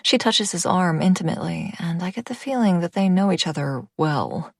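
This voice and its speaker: A woman's voice: on the low side, expressive, normal speed, gravelly, no echo, studio quality. A woman reading a first-person audiobook, intimate in tone and dropping to a whisper at tense moments. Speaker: audiobook narrator.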